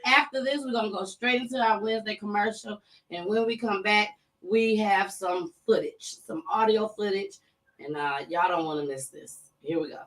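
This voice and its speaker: A woman's voice: medium pitch, moderate pace, distant mic, low-quality recording. A woman with a Kentucky accent hosting a live studio interview, teasing her guest and talking straight to the audience. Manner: playful and teasing, addresses the audience as y'all. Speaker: talk show host.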